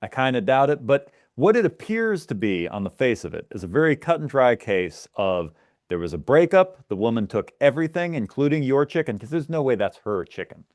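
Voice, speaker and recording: A man's voice: mid-range voice, very animated, fairly quick, darkish tone, no echo, studio quality. A man co-hosting a casual podcast, ranting with mock outrage. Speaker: podcast co-host. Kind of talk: casual chat.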